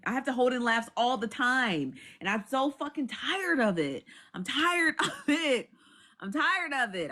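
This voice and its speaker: A woman chatting to her live-stream viewers in a loose, profane way. Her voice sits a little high and bright, and it swings widely up and down as she circles back over the same points and laughs between them. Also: sing-song, moderate pace. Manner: profane, repetitive, laughs often. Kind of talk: casual live-stream chat.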